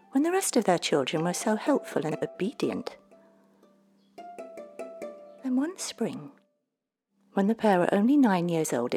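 Low, gravelly woman reading a storybook. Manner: measured, expressive, dropping to near-whispers at tense moments. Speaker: narrator. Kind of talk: storybook narration.

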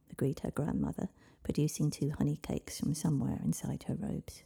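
A woman reading a storybook aloud in a soft, half-whispered delivery. Her voice sits low and very dark, breathy and husky with a gravelly grain. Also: level tone, normal speed. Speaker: narrator.

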